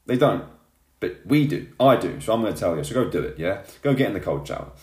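A man's voice: on the low side, big pitch swings, fast. A man giving a fired-up motivational talk, tagging his lines with "yeah?" and "right?". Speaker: motivational vlogger. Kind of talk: motivational monologue to camera. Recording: echoey room.

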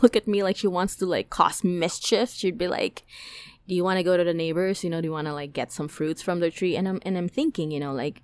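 A woman's voice: lowish voice, dry recording. Woman, podcast host, casual storytelling, lots of fillers, dry close sound. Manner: chatty, many fillers, emotional retelling.

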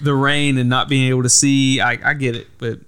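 A man's voice: medium pitch, flat delivery, a little fast, a crowd in the background. A young man chats casually on a podcast, spinning a long anecdote. He rambles, leans on "like" constantly, and swears freely. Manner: rambling storytelling with frequent "like" and swearing. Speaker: podcast host. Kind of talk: casual chat.

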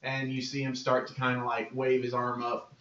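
A man running a tabletop game who narrates in a relaxed, halting way. His voice sits at a middle pitch. The room is echoey and the sound a little dull. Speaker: game master.

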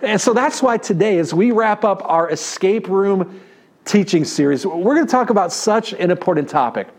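A man in his thirties with a New York accent, preaching a sermon and telling a story in an animated way, often checking in with the congregation. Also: high-pitched, moderate pace. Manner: animated, talks to the audience with "right?". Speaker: pastor.

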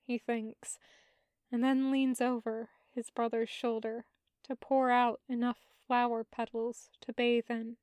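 Podfic narrator, woman, high voice, tender unhurried delivery. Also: level tone, a little mellow, clear, resonant tone, no echo. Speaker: podfic reader. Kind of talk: audiobook narration of fan fiction.

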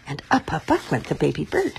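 A woman reading a children's story aloud in an expressive, sing-song storybook manner. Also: low voice, brisk, creaky, a little hiss or hum.

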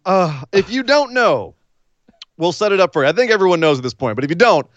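Male co-host, lively pitch, slightly high, storyteller who acts out quotes, dry remote mic. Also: quick pace, no room sound, lo-fi sound. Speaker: podcast co-host. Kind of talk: casual wrestling recap chat. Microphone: remote call mic.

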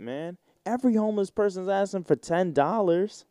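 Young male podcast host, mellow tone, dry close sound, animated storyteller who mimics people. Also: sits high, normal speed, few pauses, no echo. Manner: animated storytelling with mocking put-on voices. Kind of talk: casual solo podcast rant.

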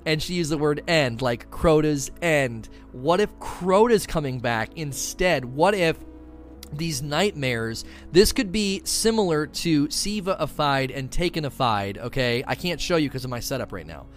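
Excitable man streaming live commentary. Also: a little high, soft background music. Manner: excitable, quick bursts of enthusiasm with fillers.

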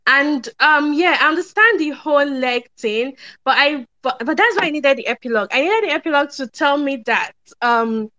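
A woman's voice: high-pitched, expressive, moderate pace, few pauses, pushed and bright, highs cut off. A woman hosting a film review podcast, talking casually and thinking aloud with lots of hesitant fillers.

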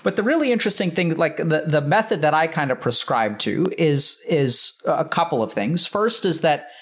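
A man's voice: a little high, lively intonation, moderate pace, breathy edge. A man in his thirties, a psychiatrist, telling a long story in casual conversation, rambling with lots of "like" and swearing freely. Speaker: psychiatrist, podcast guest.

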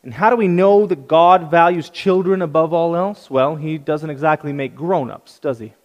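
Higher-voiced male pastor preaching in a hall. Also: normal speed, dull audio. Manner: storytelling with light humor. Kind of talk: sermon. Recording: reverberant church hall.

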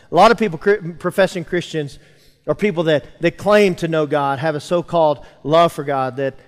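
Male pastor, sermon, slightly high voice, emphatic delivery, long church reverb. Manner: preaching with rising emphasis and calls to the congregation. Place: church sanctuary.

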